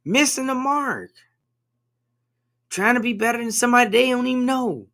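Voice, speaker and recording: Gravelly high-voiced man hosting. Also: normal speed, pushed and bright. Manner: emphatic, preachy, asks leading questions. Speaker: podcast co-host. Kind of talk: casual conversation.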